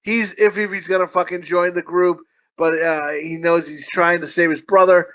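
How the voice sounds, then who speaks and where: Profane rambling man with a high voice. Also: steady tone, moderate pace, a bit bright, rough recording. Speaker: podcast co-host. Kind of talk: casual movie review chat.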